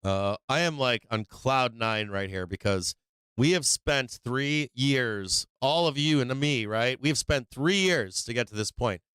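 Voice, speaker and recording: A man hosting a live trading stream, talking casually and excitedly, swearing freely and laughing often. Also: medium pitch, a little slow, clear, resonant tone, no room sound. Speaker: livestream trading host. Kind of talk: casual livestream chat.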